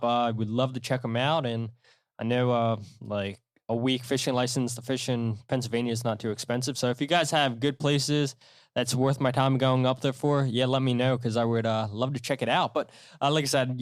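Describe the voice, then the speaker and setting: Casual and rambling, this solo podcaster spins animated stories packed with fillers and restarts. He has a medium-pitched voice, and the studio-quality recording is dry.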